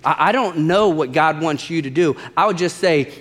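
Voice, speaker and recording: A man preaching a sermon as pastor, animated and emphatic, repeating lines for stress and acting out the voices in his quotes. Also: a little high, normal speed, hardly any pauses, long reverb tail, faint music behind.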